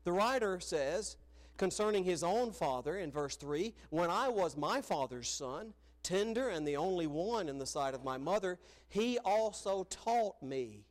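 A middle-aged man preaching a sermon, telling stories earnestly and dropping soft on key phrases. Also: high voice, lively intonation, measured pace.

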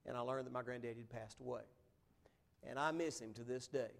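A man's voice: medium pitch, fairly even intonation, fairly quick, gravelly. A man preaching a sermon in an earnest, conversational way, his emphasis rising and falling as he goes. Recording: long hall reverb.

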